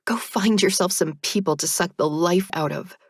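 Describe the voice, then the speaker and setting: A woman's voice: lowish voice, moderate pace, breathy edge, no echo, studio quality. A woman voicing a bitter, sarcastic teenage girl. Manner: sarcastic and bitter, rising to hysteria. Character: angry, grieving teenage girl.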